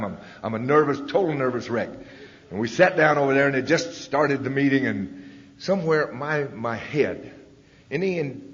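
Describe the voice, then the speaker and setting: A middle-aged man tells his story in a folksy, rambling way and now and then bursts into loud quoted lines. His voice is mid-pitched and comes through dull lo-fi tape. The hall around him rings with a long reverb. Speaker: recovering alcoholic speaker. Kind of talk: storytelling talk at a recovery meeting. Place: hall at a recovery roundup.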